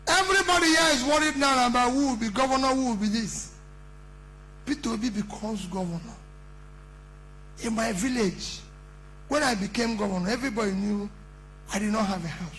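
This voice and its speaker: A middle-aged Nigerian-accented man, a politician addressing a conference, gives an impassioned campaign speech that is emphatic and packed with rhetorical questions. His voice is very high-pitched with a sharp tone, and the audio is poor, with a little hiss or hum.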